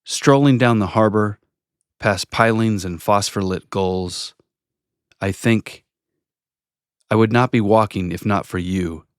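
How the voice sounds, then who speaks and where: A man reading his own narrative poem aloud in a measured, unhurried, contemplative delivery. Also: lowish voice, smooth, no room sound, clean studio sound. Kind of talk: slow reflective poetry reading.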